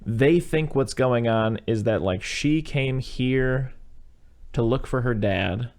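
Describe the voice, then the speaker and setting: A man chatting casually on a podcast, walking through a film's plot in loose, meandering sentences. His voice sits at an ordinary middle pitch, and he leans on fillers and an easy, offhand swear now and then. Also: slow, darkish tone. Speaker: podcast host. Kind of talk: casual movie-recap chat.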